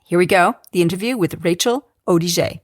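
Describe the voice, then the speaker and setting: A woman's voice: on the low side, brisk, over loud music. An Australian woman hosting a podcast, enthusiastic and laughing often. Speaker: podcast host. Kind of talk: casual podcast interview. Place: Canberra.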